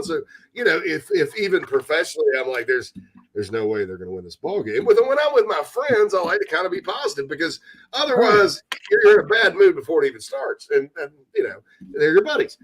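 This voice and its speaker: A man hosting a casual sports talk radio show from the American South, chatty and animated, slipping into mock voices. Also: high voice, fast, vocal fry. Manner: animated, breaks into loud mock voices and laughter.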